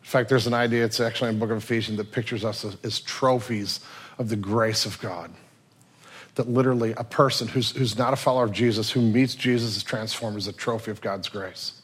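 A male pastor preaching a sermon, telling stories with lively swings between loud and quiet passages. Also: fairly low pitch, a little fast, husky.

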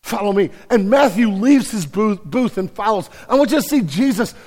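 Man preaching a sermon, fairly high voice, casual slang, loud then hushed, long hall reverb. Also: expressive, moderate pace. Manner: preaching with swings from loud urgency to hushed intimacy; casual slang, repeated words and restarts. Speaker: pastor.

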